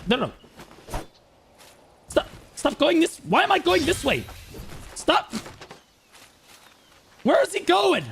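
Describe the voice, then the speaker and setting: A man streaming an online game, commenting live and swinging between shouted trash talk and low muttering. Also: creaky.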